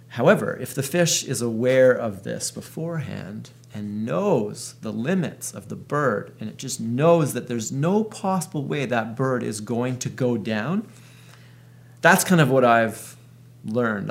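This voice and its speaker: A man's voice: medium pitch, expressive, measured pace, vocal fry. A man in his thirties thinking aloud in a reflective monologue, working through an analogy as he goes. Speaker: video host.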